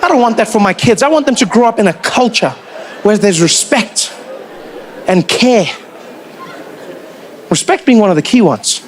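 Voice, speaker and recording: South african comedian telling stories on stage, highish voice, acts out bits. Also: male voice, moderate pace, long pauses, a little hiss or hum. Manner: animated storytelling, acts out characters. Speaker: stand-up comedian. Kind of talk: stand-up comedy.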